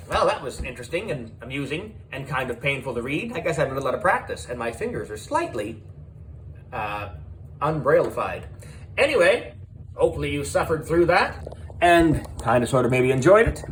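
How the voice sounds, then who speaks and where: A man reading a children's story aloud with animated, exclamatory delivery, then chatting casually from his basement. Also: mid-range voice, brisk. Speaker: audiobook reader. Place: home basement.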